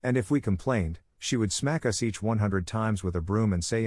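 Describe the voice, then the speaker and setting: A man with a fairly low voice reads stories aloud at a steady, even pace. The sound is dry and close, with no room around it. It suits a calm read-aloud channel. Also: a little fast, few pauses, dry recording. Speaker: narrator of online stories. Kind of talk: read-aloud story narration.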